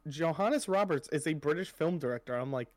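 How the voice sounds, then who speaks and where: Rambling young man, slightly high voice. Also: expressive, a little fast, dry recording. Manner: rambling, swears casually, many fillers. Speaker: podcast co-host. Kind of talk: casual chat.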